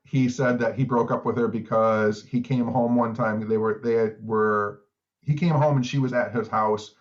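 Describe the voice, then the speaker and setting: A man's voice: mid-range voice, fairly even intonation, normal speed. Rambling middle-aged man, dull lo-fi sound. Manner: rambling storyteller, many "like" fillers. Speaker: podcast co-host. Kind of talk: casual chat.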